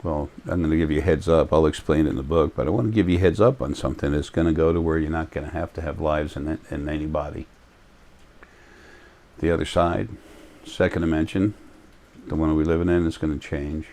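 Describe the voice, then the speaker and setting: A man talking in a rambling, low-key spiritual monologue, full of fillers and restarts. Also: steady tone, brisk, a little mellow.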